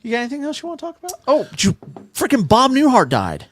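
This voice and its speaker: A man co-hosting a casual podcast, telling an animated story and acting out what other people said. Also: very high voice, quick pace. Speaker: podcast co-host.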